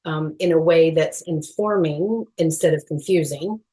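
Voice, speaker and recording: A middle-aged woman with a lowish voice gives a podcast interview as a guest. She talks earnestly and with animation, laughing lightly between thoughts, and often pauses on fillers. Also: warm tone. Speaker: guest, movement educator.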